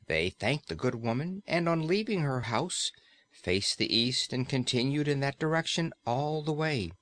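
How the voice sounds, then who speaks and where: Expressive male storybook narrator. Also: mid-range voice, measured pace. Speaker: audiobook narrator.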